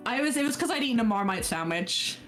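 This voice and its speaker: A woman's voice: a little high, fairly bright tone. A woman with an English accent chatting casually as a streamer, often laughing at herself. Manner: laughs often, self-deprecating. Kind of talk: casual chat.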